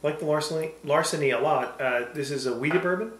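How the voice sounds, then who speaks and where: A man co-hosting a cocktail tasting show, teasing dryly and pausing to find his words. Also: a little high, fairly bright tone. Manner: dry teasing, halting with fillers. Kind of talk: casual tasting chat. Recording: roomy with faint background noise.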